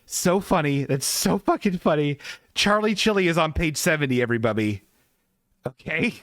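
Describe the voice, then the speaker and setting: Recorded in clean studio sound without echo, a higher-voiced man speaks at normal speed as he hosts a comedy show. His casual commentary riffs on pictures, animated and full of giggles.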